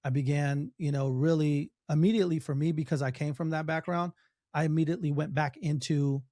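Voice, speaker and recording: Brief: man, podcast guest, earnest and halting, slightly high voice, dry sound. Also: steady tone, mellow, no echo. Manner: earnest, frequent restarts and fillers. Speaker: podcast guest, documentary filmmaker. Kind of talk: casual interview talk.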